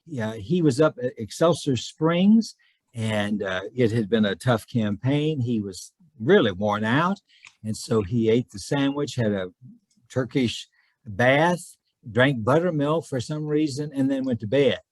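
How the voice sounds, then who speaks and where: A man's voice: medium pitch, animated, unhurried, darkish tone, no echo. Folksy man telling rambling anecdotes. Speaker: trivia guest author. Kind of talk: storytelling over a video call. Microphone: video call.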